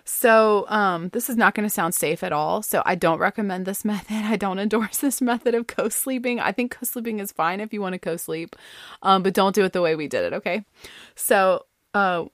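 A woman, a mother, telling a family story in a casual, animated way. She keeps dropping in "like" and "you know" and laughs between lines. Her voice sits at a middle pitch, and the recording is dry and close with no room sound. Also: dry recording. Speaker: storyteller sharing a family anecdote.

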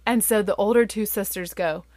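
Chatty mom telling a story. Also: female voice, normal speed, no echo. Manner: lively, chatty, full of "like" fillers, jumps much higher for quoted voices. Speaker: mother telling a family story. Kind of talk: casual personal storytelling.

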